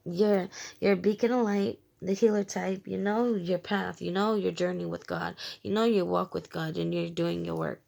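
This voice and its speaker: This woman does a casual tarot reading for her viewers in a lowish, darkish voice with vocal fry, keeping a steady tone at normal speed and hardly pausing. She's frank and emphatic, curses freely, and repeats short phrases as she goes.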